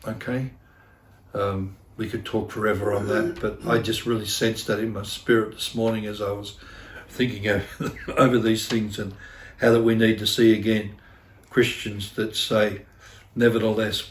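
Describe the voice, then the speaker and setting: A man's voice: on the low side, fairly even intonation, normal speed. Earnest male pastor in an echoey church. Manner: earnest, repeats phrases for emphasis, self-deprecating. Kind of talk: sermon.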